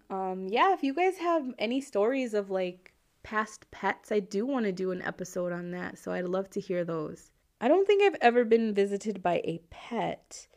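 A woman's voice: medium pitch, darkish tone. A woman hosting a podcast in casual chat, giggly and laughing often, with chatty asides to her listeners. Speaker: podcast host.

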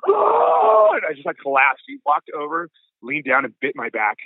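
A man's voice: mid-range voice, huge pitch swings, fairly quick, vocal fry, dry recording, shouting. A man in his forties, a punk singer as guest, telling stories in a laid-back way, saying dude and like a lot. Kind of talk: casual storytelling chat. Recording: tinny phone-like line, dry.

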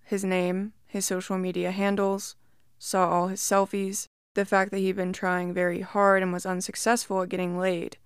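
A woman reads creepy reddit stories aloud in a steady, measured first-person voice. Her tone is smooth and clear at a middle pitch, recorded close and dry. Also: no echo. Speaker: story narrator. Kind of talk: scripted narration of reddit horror stories.

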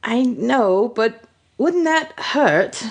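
A woman's voice: fairly high pitch, extremely slow, darkish tone, pitched above the performer's own voice. A woman voicing a young male hobbit, timid and eager, breathless and giggly, in a hammy podcast reading. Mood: wide-eyed.

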